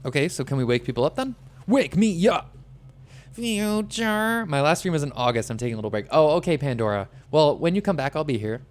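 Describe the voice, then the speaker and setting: A chatty, playful man giving loose live-stream commentary over a game, chatting with his viewers between moves. His voice sits at a plain middle pitch. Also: animated, racing, hardly any pauses, a little mellow. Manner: chatty, playful, talks to chat.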